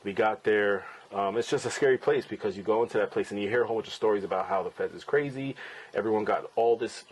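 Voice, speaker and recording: Casting note: man in his forties, fairly deep voice, casual blunt podcast storyteller who swears freely. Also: slight background noise, poor audio. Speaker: podcast host and father. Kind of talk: candid personal storytelling.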